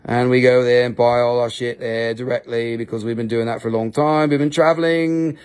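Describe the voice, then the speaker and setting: A man's voice: fairly even intonation, fairly quick, a little mellow, smooth. Male live-stream seller, casual and profane, rambling and jokey. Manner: rambling, profane, joking, with high-pitched mock quotes. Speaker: host of a live crystal sales stream.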